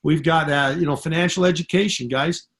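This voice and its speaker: A man's voice: a little high, fairly quick, a bit bright. A man on a conference call giving an emphatic, repetitive motivational pep talk to network marketing distributors. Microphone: phone call.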